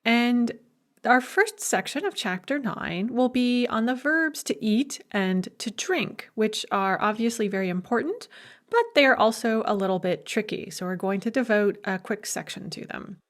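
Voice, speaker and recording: A woman who is a language professor, giving a recorded video lecture with patient, measured explanations. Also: fairly high pitch, expressive.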